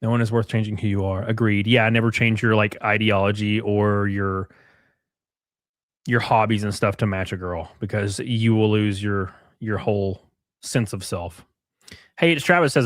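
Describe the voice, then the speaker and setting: A man's voice: on the low side, moderate pace, dry recording, clean studio sound. A man hosting a casual livestream, talking bluntly with plenty of swearing and reading out viewer messages. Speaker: livestream host.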